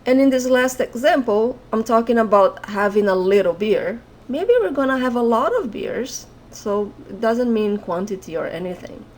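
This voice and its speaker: A woman's voice: fairly high pitch, animated, normal speed, few pauses, a little mellow. A young Brazilian woman with a Brazilian accent teaching an online language lesson, patiently repeating example words.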